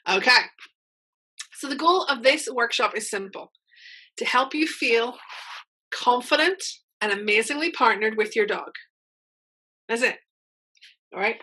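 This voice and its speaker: Upbeat woman coach, bright and slightly high voice, chatty workshop delivery. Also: poor audio. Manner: upbeat, chatty, frequent check-ins with listeners. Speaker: mental game coach. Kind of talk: online workshop teaching.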